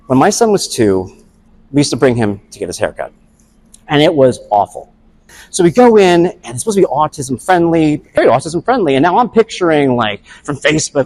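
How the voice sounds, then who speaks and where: A man, a father, telling a personal story in a casual, animated way and acting out his own past thoughts as quotes. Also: on the high side, moderate pace.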